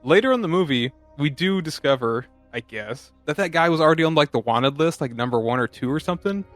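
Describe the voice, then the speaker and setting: Animated man co-hosting a movie podcast. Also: on the high side, brisk, no room sound, soft background music. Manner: animated, laughing, does loud impressions of characters. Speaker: podcast co-host. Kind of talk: casual podcast chat about a movie.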